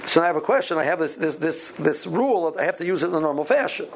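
Guy giving a talmud class, kinda high voice, gravelly, stops and restarts a lot, faint room hum behind. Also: animated, poor audio. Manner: halting, repeats words, many ums. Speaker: Torah teacher.

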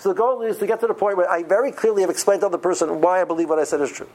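Husky rebbe giving an animated lecture. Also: male voice, high voice, rapid-fire, low-quality recording. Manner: animated, stammering restarts, uses Yiddish and Hebrew study terms. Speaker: yeshiva rebbe teaching students. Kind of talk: informal Torah lecture.

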